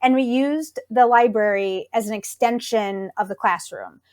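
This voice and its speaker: A woman school librarian chatting in an interview, her voice sitting a bit on the high side. She talks things through thoughtfully and warms up with enthusiasm. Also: unhurried. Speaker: school librarian, podcast guest. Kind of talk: conversational interview.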